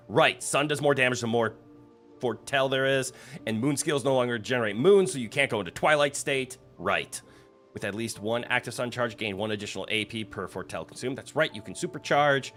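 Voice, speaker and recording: A man's voice: mid-range voice, bright, forceful tone. A man streaming a video game, chatting casually, reading game text aloud and reacting with playful exclamations. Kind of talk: casual gameplay commentary.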